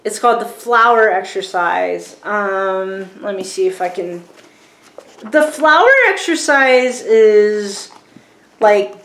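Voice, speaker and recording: A woman's voice: a little high, echoey room. A woman in her forties from rural Virginia with a light Southern accent, chatting casually to camera in a rambling, filler-heavy way as she reviews a book. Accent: Southern American. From rural Virginia, USA. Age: 40s. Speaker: YouTuber.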